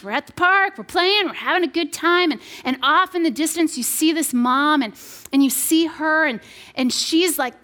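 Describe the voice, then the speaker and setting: A woman in her thirties with a high, light voice speaks to a room of mothers in an earnest, chatty sermon style. She stumbles and restarts often and slips in playful asides between her points. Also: a bit bright. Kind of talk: sermon-style devotional talk.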